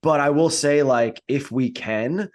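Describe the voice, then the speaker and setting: A man co-hosting a podcast in casual chat, speaking haltingly and with many fillers. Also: mid-range voice. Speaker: podcast co-host.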